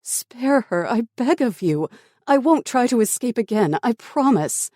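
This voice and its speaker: A frightened female scientist, voiced by an audiobook narrator begging for someone's life, her voice pushed high and tight. She pleads loudly and desperately, in a dry close recording. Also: sing-song, unhurried, no echo. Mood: pleading.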